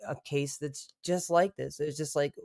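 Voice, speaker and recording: A man's voice: a little high, fairly even intonation, moderate pace, gravelly, a little mellow, dry recording, clean studio sound. A man streaming live, chatting casually and rambling, swearing freely and breaking off to talk to his dog.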